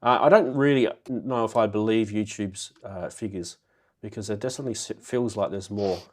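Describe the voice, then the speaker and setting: Hosting a live synth show, this man chats casually, laughs easily, and greets viewers by name. His fairly low voice sounds nasal and muffled, as if he has a cold.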